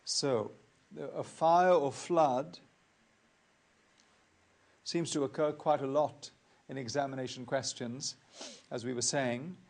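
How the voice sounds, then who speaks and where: Man, accounting tutor, recorded lecture, measured, methodical, repeats key points, mid-pitched voice. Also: steady tone.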